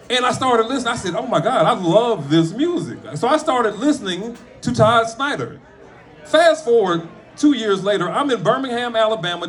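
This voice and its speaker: A man, a comedian, speaking at a friend's memorial, mixing funny stories with tribute, animated and profane, with sudden shouts. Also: high-pitched. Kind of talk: storytelling eulogy with jokes. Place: room with a gathered audience.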